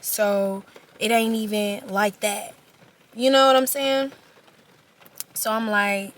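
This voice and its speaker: Bright-voiced young woman telling a storytime. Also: a little high, takes it slowly, pauses often. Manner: chatty, animated, slangy retelling with quoted back-and-forth. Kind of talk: casual storytelling to camera.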